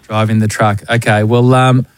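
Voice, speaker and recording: Jokey Australian radio host. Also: male voice, on the low side, normal speed, clean tone, no room sound. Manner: jokey, energetic, slangy. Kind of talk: breakfast radio banter. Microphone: studio microphone.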